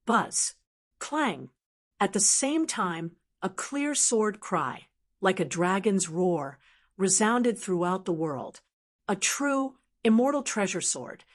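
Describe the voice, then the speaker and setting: A woman's voice: medium pitch, big pitch swings, slow pace. Woman narrating a fantasy audiobook.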